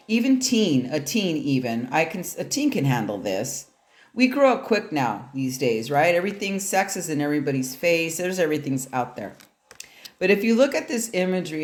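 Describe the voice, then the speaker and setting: A woman's voice: deep voice, darkish tone, roomy sound. A woman tarot reader in a casual vlog, rambling and chatty, with lots of fillers and restarts. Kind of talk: casual deck-sharing vlog.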